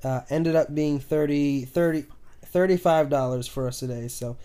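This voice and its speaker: A man hosts a casual home podcast, talking in loose, rambling sentences full of fillers. His voice sits a little high yet sounds mellow and relaxed. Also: normal speed. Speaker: podcast host. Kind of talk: casual chat. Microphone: new budget desk microphone.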